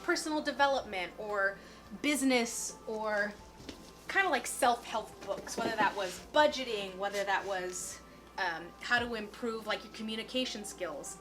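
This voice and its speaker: Bright, bubbly young woman vlogger. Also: medium pitch, normal speed, soft background music. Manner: chatty and bubbly, peppered with "like". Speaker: lifestyle vlogger. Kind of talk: casual chat.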